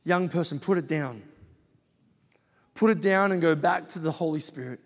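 A man's voice: on the high side, normal speed. A middle-aged man preaching a sermon, calling on his listeners with repeated urgent exhortations. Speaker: pastor. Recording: long reverb of a large hall.

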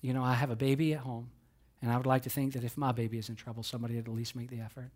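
A man's voice: medium pitch, flat delivery, racing, darkish tone, natural voice. A preacher voicing an earnest young fireman.

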